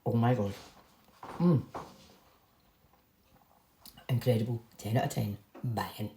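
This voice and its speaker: Low gravelly woman cooking. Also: slow, warm tone, slight background noise. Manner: chatty, rambling, laughs at herself. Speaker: home cook. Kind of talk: casual cooking vlog. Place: home kitchen. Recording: echoey kitchen with clattering pans.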